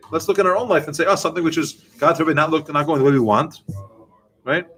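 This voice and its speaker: A rabbi giving a Torah class to a group, animated and explaining through questions and answers. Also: male voice, on the high side, fast, slightly rough, poor audio.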